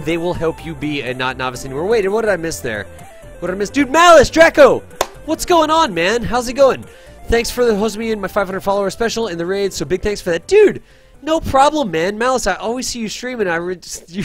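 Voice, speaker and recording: Upbeat male streamer, higher voice, friendly gameplay talk over faint music. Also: a bit bright. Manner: upbeat and chatty, thanks viewers, calls people dude. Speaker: game streamer. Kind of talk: live gameplay commentary, reading chat.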